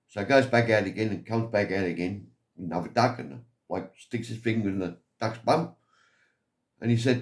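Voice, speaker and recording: Man, English accent, lowish voice, casual yarns, rambling, chuckles as he goes. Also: lively intonation, brisk. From England. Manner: rambling, chuckles at his own stories. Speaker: vlogger. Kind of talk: casual anecdotal storytelling.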